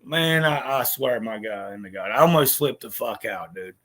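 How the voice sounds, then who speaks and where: A man's voice: mid-range voice, expressive, normal speed, fairly bright tone. A man telling a personal story in a bitter, profane way, with lots of stammered restarts. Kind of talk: casual spoken monologue.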